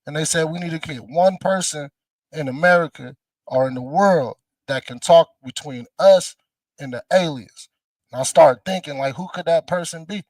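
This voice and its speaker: A man's voice: a little high, moderate pace, a little mellow, dry recording, far from the mic. Slangy man riffing, slightly off-mic. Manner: loose, laughing, slangy. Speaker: comedian guest. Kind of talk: casual comic riffing.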